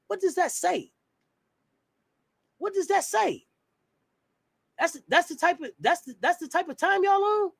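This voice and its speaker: A man's voice: very high-pitched, very animated, moderate pace, vocal fry, pauses often, a bit bright, dry recording, studio quality. A man in a heated sports talk rant, blunt and profane, firing off rhetorical questions. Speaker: sports commentator.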